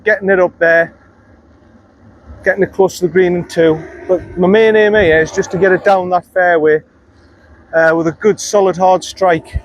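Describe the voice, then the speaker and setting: A man giving chatty, self-critical commentary while playing a round of golf outdoors, muttering at himself after bad shots. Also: high-pitched. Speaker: golf vlogger. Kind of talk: casual on-course commentary.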